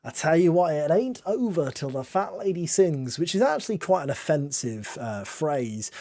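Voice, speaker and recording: A man calls his football management match in a mock-commentator style, breaking off for wry, self-deprecating asides. His voice sits fairly high and swings widely in pitch. It is close and dry, with no room sound. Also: normal speed, dry recording. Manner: lively, self-mocking, mock-commentator delivery. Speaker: gaming YouTuber. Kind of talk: playful game commentary.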